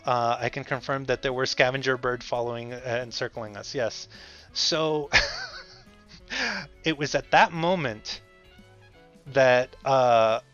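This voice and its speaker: A man's voice: medium pitch, slow pace, long pauses, a bit bright. Rambling man telling a story on stream. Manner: rambling, self-correcting, chuckling. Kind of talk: casual livestream storytelling. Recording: slightly dull audio, faint music. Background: faint music.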